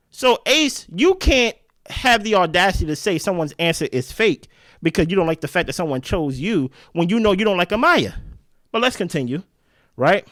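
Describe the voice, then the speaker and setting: A man hosting a casual reality show recap, talking in an animated, slangy way. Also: sits high, moderate pace, no echo, clean studio sound. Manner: animated, slangy, jumps into quoted voices.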